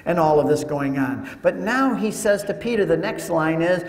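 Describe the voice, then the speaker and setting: A man giving a teaching talk to an audience, telling it as an animated story with joking asides. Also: a little high, moderate pace. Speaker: Catholic speaker. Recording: echoey hall with long reverb.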